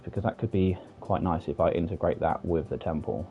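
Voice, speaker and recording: Deep-voiced British man chatting while gaming. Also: brisk, narrow, tinny audio, faint music behind. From United Kingdom. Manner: chatty, self-deprecating, rambling with frequent fillers. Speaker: streamer. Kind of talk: casual gameplay commentary. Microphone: desk microphone for streaming.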